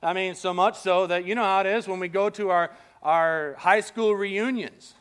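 A man pastor preaching a sermon in a casual, animated storytelling manner. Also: high-pitched, normal speed, clear, resonant tone.

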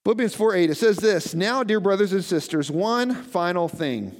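A man's voice: sits high, animated, moderate pace. A man preaching a sermon to his congregation, conversational, often asking them questions. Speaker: pastor. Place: church sanctuary. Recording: reverberant hall.

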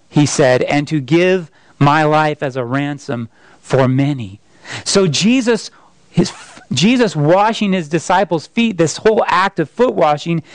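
A man's voice: on the high side, no room sound, rough recording. A man preaching a sermon in a conversational way, asking the listeners questions and acting out quoted speech. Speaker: pastor.

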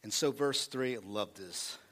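A male pastor preaching a sermon, animated, calling for responses from the congregation and acting out quotes from the text. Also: on the low side, unhurried.

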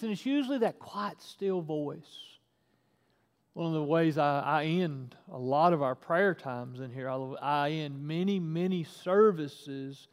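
A man with a fairly high voice preaches and reads scripture aloud, swinging between hushed passages and loud, emphatic bursts. He often restarts his sentences as he goes. His voice carries a long reverberant tail in a hall. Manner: animated, rising loud for emphasis, frequent restarts. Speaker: pastor. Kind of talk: sermon with scripture reading.

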